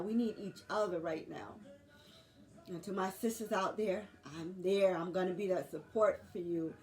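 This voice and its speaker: A woman in her forties speaking in an earnest, halting video diary, pausing often as she talks. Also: medium pitch, a little mellow. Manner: earnest, halting, faith-filled, with many pauses and fillers. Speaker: nurse sharing a health journey.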